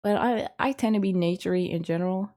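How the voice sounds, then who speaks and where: A woman instructor with a fairly low, dark voice talks quickly through a casual lesson. Her delivery rambles as she thinks aloud, hesitant, with many ums and self-corrections.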